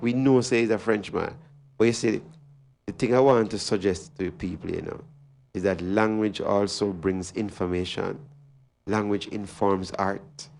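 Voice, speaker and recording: A man's voice: on the low side, a little mellow, a little hiss or hum. A man with a Jamaican accent hosting a talk radio show, speaking in an emphatic, preachy way and repeating his key phrases. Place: radio studio.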